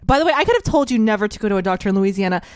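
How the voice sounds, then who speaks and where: A woman's voice: medium pitch, lively intonation, racing, no echo, clean studio sound. A woman hosting a casual chat, teasing her guest and laughing often.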